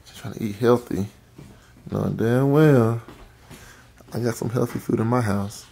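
A young adult man, a father, talking in a relaxed, slangy way for a casual vlog and teasing his children playfully. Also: medium pitch, unhurried, creaky, breathy edge, low-quality recording. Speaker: vlogger and father.

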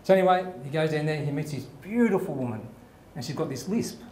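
A man telling long jokes on a comedy show, with animated asides. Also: fairly high pitch, fast talker. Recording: echoey room with faint background noise.

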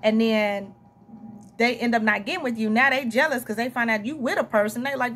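A woman's voice: a little high, a bit bright, slight background noise. Chatty Southern woman reading tarot. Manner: chatty, rambling, with frequent asides and quick laughs. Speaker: tarot reader. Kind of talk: casual tarot reading monologue.

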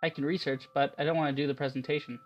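A man reading the lines of a quiet, dreamy teenage schoolboy narrating his memories in a soft, reflective way. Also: fairly high pitch, fairly even intonation, racing, muffled recording, faint music behind, natural voice.

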